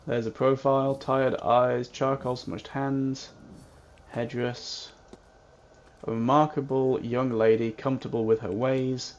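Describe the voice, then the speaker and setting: A man's voice: mid-range voice, flat delivery, slow pace. Playful man reading game text aloud. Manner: playful, reads game text aloud, hums little jingles. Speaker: gamer playing a mystery game. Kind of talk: let's-play commentary. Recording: dull lo-fi with faint hiss.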